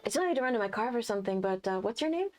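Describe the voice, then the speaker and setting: A woman's voice: fairly high pitch, lively intonation, very fast, natural voice. A woman voicing a tall, built young man who is casual and a little sheepish. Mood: easygoing.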